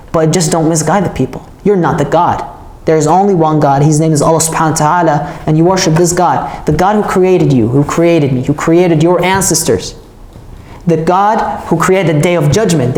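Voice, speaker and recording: A woman's voice: low voice, a little mellow, lightly acted. A woman voicing a firm, steadfast prophet. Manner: firm, plain-spoken pleading. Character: calm, steadfast male prophet messenger. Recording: roomy echo.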